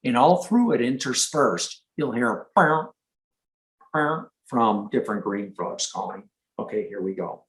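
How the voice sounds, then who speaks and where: A man's voice: fairly low pitch, normal speed, low-quality recording. Guy from michigan giving a casual frog talk, doing little frog call sounds. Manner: chatty, imitates frog calls. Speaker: nature educator. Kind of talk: live presentation.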